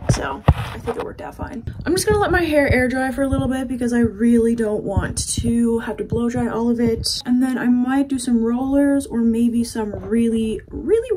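Woman vlogger, chatty and self-mocking, slightly high voice, music behind. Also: background noise. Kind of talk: casual vlog chat to camera.

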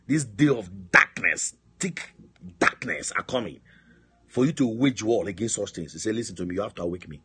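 A man's voice: fairly low pitch, bright, forceful tone, breathy edge. A man pastor preaching a sermon, emphatic, asking his listeners call-and-response questions. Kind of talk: sermon on a prayer line. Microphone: phone line.

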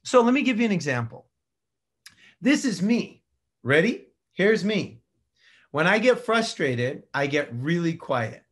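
A middle-aged male dentist giving a casual, animated lecture, swinging between loud bursts and quiet asides. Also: sits high, a little slow, pauses often, husky. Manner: casual slang and mild swearing. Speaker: dentist teaching a practice management course. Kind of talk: recorded continuing-education lecture.

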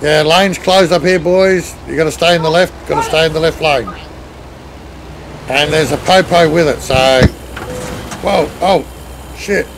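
Gravelly Australian man streaming a game. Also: a little high, a little slow, pauses often, noisy background. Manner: chatty, reads and answers chat while driving. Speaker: streamer leading a truck convoy. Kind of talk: casual live-stream chat.

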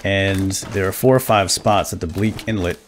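Chatty low-voiced man playing a game. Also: normal speed, slight background noise. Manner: chatty, easily excited, chuckles often. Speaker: let's play gamer. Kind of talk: casual gameplay commentary.

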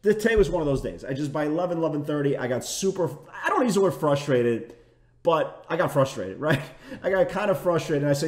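A man's voice: on the high side, expressive, quick pace, roomy sound. A man giving a market recap as a trading educator, chatty and full of restarts, often tagging lines with "right?". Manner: chatty, repeats "right?" and "again"; self-correcting restarts.

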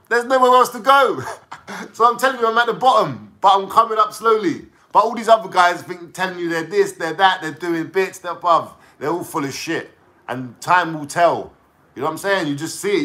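A man's voice: on the high side, sharp tone. Mocking, slangy London man. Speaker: vlogger. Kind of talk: casual ranting to camera.

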